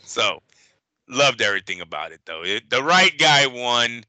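A man's voice: medium pitch, sing-song, moderate pace, bright, forceful tone, no echo, low-quality recording. A man co-hosting a boxing talk show in casual chat, blunt and profane, calling people man.

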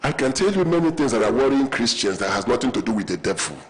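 Animated pastor preaching. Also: male voice, mid-range voice, fast, poor audio. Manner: animated preaching with humorous stories and call-and-response. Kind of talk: sermon. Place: church auditorium.

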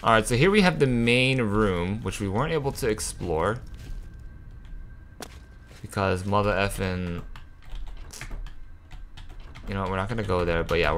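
A young man giving casual, excitable commentary over a video game, venting his frustration and swearing. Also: lowish voice, a little hiss or hum. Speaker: gaming channel host.

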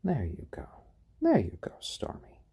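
A man hosting a casual live stream, chatting gently and cooing to his pet birds. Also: mid-range voice, huge pitch swings, a little slow, breathy edge, whispered. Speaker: stream host.

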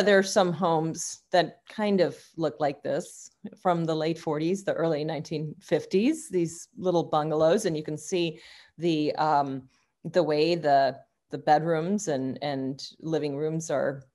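A woman's voice: lowish voice, darkish tone. A woman giving a university lecture, talking without a script, with frequent fillers and restarts.

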